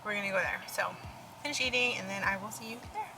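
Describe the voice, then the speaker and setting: A woman's voice: mid-range voice, quick pace, music in the background, rough recording. A young woman vlogging casually from her car and a restaurant, chatting in a rambling way with many fillers. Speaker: photographer vlogger. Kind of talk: casual vlog narration.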